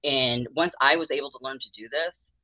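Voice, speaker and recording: A woman's voice: extremely low pitch, brisk, pushed and bright, no echo, lo-fi sound. A woman in her thirties, a mental health therapist, talking candidly and rambling in an interview, laughing often and acting out her own thoughts.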